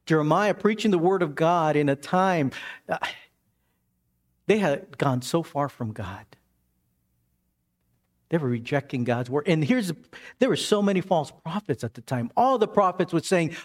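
A male pastor, preaching a sermon in an animated way, his voice climbing high in the stories and dropping soft for emphasis, then leading a prayer. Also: unhurried, pauses often.

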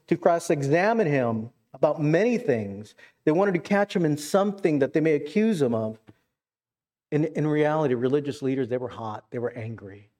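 Man, pastor preaching, earnest, somewhat high, mellow tone. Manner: earnest preaching with repeated words and rhetorical questions. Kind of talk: sermon.

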